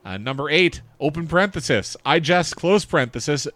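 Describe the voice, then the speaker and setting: A man's voice: fairly high pitch, animated, brisk, fairly bright tone, no room sound. A man co-hosting a podcast in casual chat, reading facts and chart lists aloud and chuckling along. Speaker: podcast co-host.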